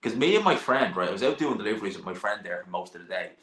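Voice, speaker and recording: A man's voice: on the low side, lively intonation, rapid-fire, a bit bright. A young man, hosting a casual live stream, reading viewer questions and chatting bluntly about boxing. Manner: chatty, blunt, sighs and laughs, swears now and then. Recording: echoey room.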